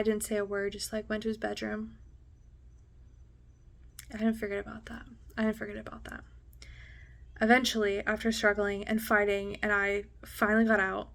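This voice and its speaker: A young woman talks straight to camera, telling a painful story from her own life with raw candor, filler words and frequent swearing. Her pitch stays mid-range and oddly flat even as the story grows heavy, and at its hardest points her voice sinks to a hushed near-whisper. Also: vocal fry. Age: young adult. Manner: candid and emotional, heavy on "like" and swearing; drops to a hushed near-whisper at intense moments. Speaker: vlogger.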